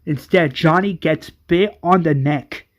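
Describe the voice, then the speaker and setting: A man's voice: a little high, slow. A man casually narrating a fan retelling, with loose, conversational phrasing.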